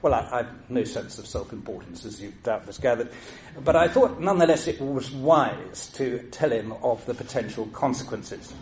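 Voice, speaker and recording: An older Englishman, once a judge, delivers a lecture laced with stories. His delivery is measured and dry, with a self-mocking wit, at a middling pitch, over faint background noise. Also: animated, a little mellow. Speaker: former judge giving a talk. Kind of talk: lecture with anecdotes.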